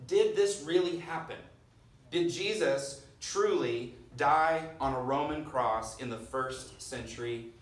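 A man in his thirties preaching a sermon as pastor, earnest, dropping to a hush on key phrases. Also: mid-range voice. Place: church sanctuary. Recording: roomy sound from far off.

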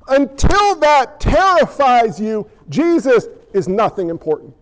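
A male pastor delivers a sermon with a strikingly high-pitched voice and a slow, deliberate pace. He leans hard on rhetorical questions and moves between forceful declarations and quiet, hushed asides. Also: big pitch swings.

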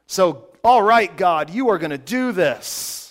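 A preacher acting out an excited, flustered Moses. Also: male voice, high voice. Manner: fast, eager, stammering.

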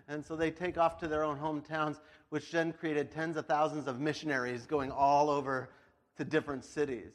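A man's voice: fairly high pitch, flat delivery, normal speed. A male pastor giving a casual, chatty sermon, telling the story with frequent laughs and acted-out voices. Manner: chatty, laughs often, lots of "like".

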